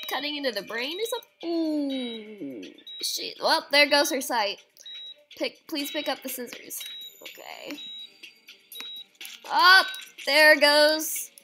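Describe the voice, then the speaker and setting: A young woman streamer plays a surgery game, casually chatting, reading the prompts out loud and letting out squeamish exclamations in her let's-play commentary. Her voice sits high with a sharp tone, and the recording is rough.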